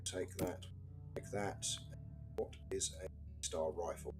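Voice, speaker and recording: A man's voice: sits low, slow pace, long pauses, music in the background. A British man casually commentating his game stream with dry, wry asides. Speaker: gaming live streamer.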